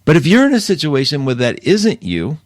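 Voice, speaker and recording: A man's voice: a little high, huge pitch swings, fairly quick, no echo, clean studio sound. A man hosting a live astrology show, chatting in a rambling, casual way and laughing often. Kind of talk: casual live-stream talk.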